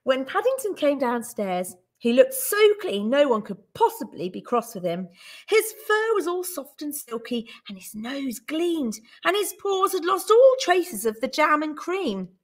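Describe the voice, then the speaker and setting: A woman teacher reading a children's story aloud with expressive, animated storytelling. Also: sits high, measured pace.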